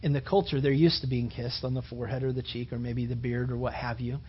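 A man's voice: mid-range voice, flat delivery, fast talker, slight background noise. A man preaching a conversational sermon, rambling casually and peppering his talk with "you know" and "man". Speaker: pastor. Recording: dull lo-fi recording.

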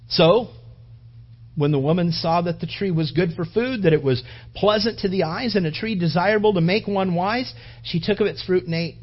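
A man preaching a sermon, acting out the voices he quotes and sometimes dropping to a hushed, near-whispered delivery. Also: high-pitched, normal speed, muffled recording. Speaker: pastor.

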